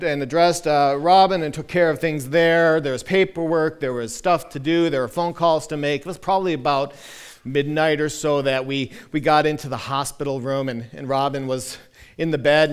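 A pastor in his thirties tells a personal story during a sermon, animated and full of self-deprecating humor, restarting often. His voice is smooth and on the high side.

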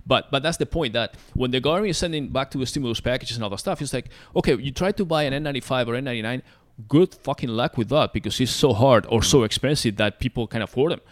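A man's voice: mid-range voice, quick pace, no room sound. Rambling, ranting man with a dry sound. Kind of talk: casual podcast chat.

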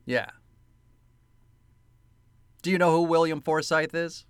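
A man's voice: on the high side, slow, clear, resonant tone, no room sound. A man co-hosting a casual film podcast, telling anecdotes with frequent swearing and laughter. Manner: animated, profane, laughs often while telling anecdotes. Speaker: podcast co-host. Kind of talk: casual film-review chat.

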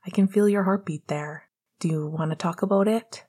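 A woman voicing a gentle young man soothing his partner, in a calm, tender whispered role-play. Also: fairly low pitch, moderate pace, husky.

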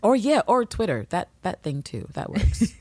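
A woman from New York City co-hosting a casual TV recap podcast, animated and swearing freely. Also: medium pitch, normal speed, no echo. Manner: animated, swears, bursts of excitement. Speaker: podcast co-host.

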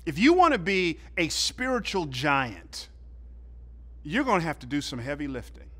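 Animated preacher, bright-voiced. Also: male voice, a little high, normal speed. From southern United States. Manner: animated storytelling preacher, loud bursts for effect. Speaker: pastor. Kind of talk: sermon.

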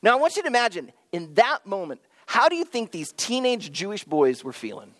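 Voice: medium pitch, very animated, brisk, fairly bright tone, no room sound. A pastor preaching a sermon in a conversational, storytelling manner, with light humor and frequent restarts.

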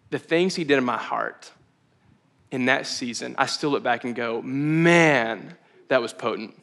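Bright-voiced casual young pastor. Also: male voice, mid-range voice. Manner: casual, candid, laughs at himself. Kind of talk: conversational sermon.

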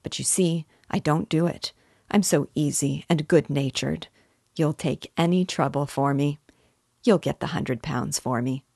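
A woman's voice: low-pitched, a little slow, gravelly, darkish tone, breathy edge, dry recording, studio quality, full character voice. A woman reading the lines of a mocking, tipsy young man who sneers at his brother.

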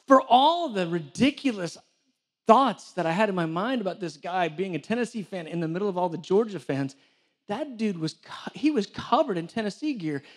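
High-voiced preacher. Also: male voice. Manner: animated storytelling with self-deprecating humor. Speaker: church director and preacher. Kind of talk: sermon. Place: church hall with a live audience.

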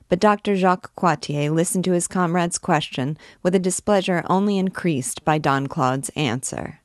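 A woman with a low voice reads a classic novel aloud as a teacher. She reads in a measured way and pauses to explain. The sound is dry and close to the mic. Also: no echo. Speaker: literature teacher reading aloud. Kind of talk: book reading with commentary.

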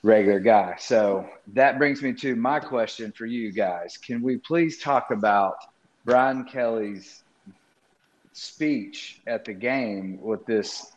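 A man's voice: medium pitch, slow pace, lo-fi sound. A man in casual sports podcast chat, rambling with lots of fillers and mocking disbelief.

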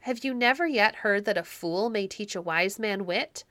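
A plucky shepherd answers with hearty good cheer, as a woman reader plays him, his voice bright and ringing. The sound is close and dry. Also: mid-range voice, normal speed, no echo, lightly acted. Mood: cheerful. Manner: hearty, reassuring. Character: cheerful, clever male shepherd. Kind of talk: audiobook reading.

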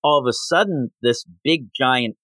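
A podcast co-host talks casually about a comic book, acting out its quoted lines in an animated retelling. His voice sits at a medium pitch and moves at a moderate pace. The recording is dry, with no room sound, and of low quality.

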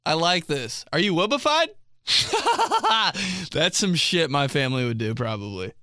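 Man, podcast host, casual comedic chat, lively swinging pitch, frequent laughs, dry close studio mic. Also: slow pace, no room sound. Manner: animated, jokey, laughs often. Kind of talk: casual comedic chat reading listener submissions.

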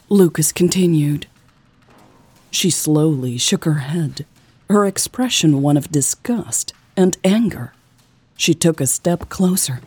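Slow, low-voiced woman narrator. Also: expressive, mellow, husky, no room sound, soft background music. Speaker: podcast host and audiobook narrator. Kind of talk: scripted audiobook narration.

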